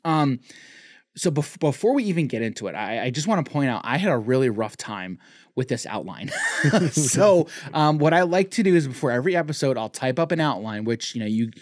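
A man's voice: mid-range voice, big pitch swings, a little fast. Rambling man co-hosting a podcast. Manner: rambling, many restarts and fillers. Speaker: podcast co-host. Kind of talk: casual podcast chat.

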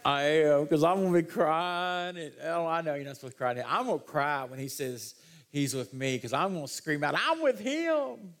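A man preaching a sermon as pastor, folksy and animated, his voice rising in excited bursts. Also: fairly high pitch, moderate pace.

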